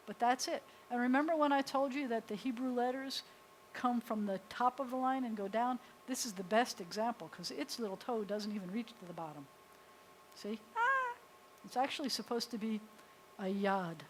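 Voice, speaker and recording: An American woman, a rabbi, teaching a beginners' Hebrew class in a lively, chatty way. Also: a little high, rough recording. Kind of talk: classroom lesson. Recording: faint hiss.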